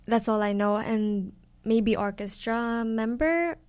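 A woman's voice: on the high side, takes it slowly, darkish tone, clear, resonant tone. A young woman from the Philippines, an orchestra scholar speaking eagerly and enthusiastically in an interview. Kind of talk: interview conversation.

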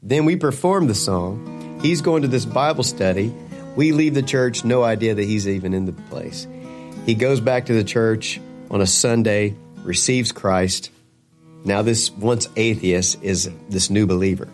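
A man with a lowish voice recounts a story as an interview guest. He jumps into animated voices for the people he quotes, with faint music under him. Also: a little slow. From Kentucky. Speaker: gospel singer guest.

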